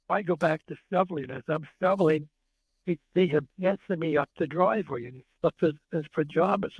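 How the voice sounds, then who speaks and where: Husky-voiced man in his eighties. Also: on the high side, brisk, dry recording, dull audio. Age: 80s. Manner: animated storyteller who acts out dialogue. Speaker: guest. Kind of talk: storytelling interview.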